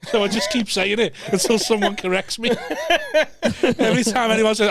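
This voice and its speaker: A man's voice: sits high, expressive, moderate pace, a crowd in the background. A man co-hosting a podcast in casual chat, trading teasing jokes with his guest. His voice rises and falls a lot as he jokes, and his tone stays light. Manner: teasing, banterous. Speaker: podcast host.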